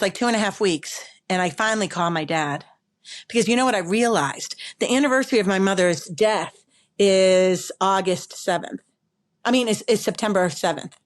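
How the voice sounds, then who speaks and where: A woman who is a podcast guest and body language expert, telling a personal story in an emphatic, animated way, often repeating words. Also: mid-range voice. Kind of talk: conversational storytelling interview.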